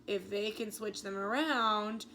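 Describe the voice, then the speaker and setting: A woman's voice: mid-range voice, a little slow, pushed and bright. Thoughtful matter-of-fact kid lady reading him, faint hiss. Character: thoughtful clever boy.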